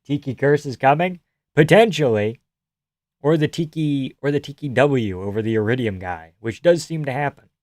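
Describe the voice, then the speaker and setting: A man's voice: mid-range voice, expressive, moderate pace, a little mellow, no room sound, studio quality. Swearing, laughing male fight streamer. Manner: swears a lot, laughs often, rambling. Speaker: live streamer. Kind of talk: casual live fight commentary. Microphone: headphones on, close mic.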